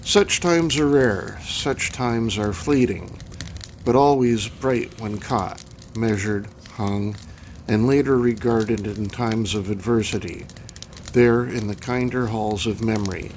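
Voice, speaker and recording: A man reading a horror novel aloud in a measured, reflective narration. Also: fairly low pitch, a little hiss or hum. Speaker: audiobook reader.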